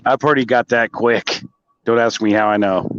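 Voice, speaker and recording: A man's voice: mid-range voice, steady tone, normal speed, smooth, dry recording, lo-fi sound. A laid-back man calling in to a casual talk show, drawling as he chats. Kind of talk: casual chat.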